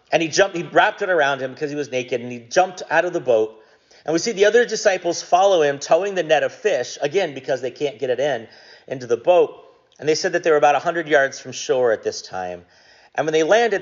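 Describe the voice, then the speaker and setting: A man preaching a conversational sermon, relaxed and jokey, with frequent ums. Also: fairly high pitch. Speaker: pastor. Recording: dull lo-fi recording.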